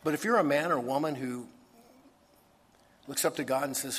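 A man with a husky, slightly breathy voice delivers a sermon as a pastor. He swings from hushed, intimate lines to emphatic ones. His voice trails off into the long reverb of a big hall. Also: mid-range voice, normal speed. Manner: earnest, shifts between hushed and emphatic.

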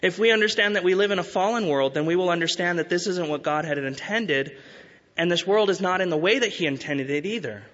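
Pastor, male, earnest sermon delivery, slightly higher voice, dull sound with long reverb. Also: a bit bright. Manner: earnest, urging, with emphatic rises and slow stresses.

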